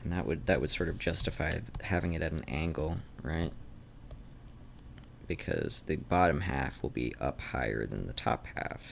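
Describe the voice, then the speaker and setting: A man's voice: rumbling low, normal speed, creaky, a little hiss or hum. A man streaming while he sketches, thinking aloud, trailing off and restarting, with a faint Canadian-like North Idaho accent. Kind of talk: rambling drawing stream. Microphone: desk mic.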